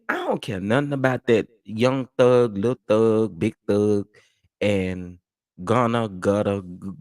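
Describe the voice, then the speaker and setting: Low-voiced man chatting dismissively. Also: no room sound, studio quality. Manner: chatty, dismissive, laughs often. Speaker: host of a commentary channel. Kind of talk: casual livestream commentary.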